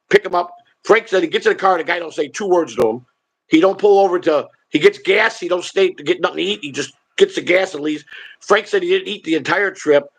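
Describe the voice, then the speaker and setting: Blunt and swearing freely, a male host rambles through a casual story on his stream. His fairly high voice is gravelly and husky with rough fry underneath, delivered briskly in a fairly bright tone.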